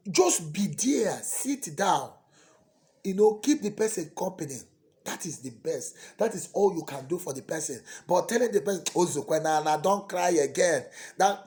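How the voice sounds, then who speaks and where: Priest preaching with a lively voice. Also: male voice, high voice. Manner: dramatic swings from soft to loud, pleading. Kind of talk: sermon.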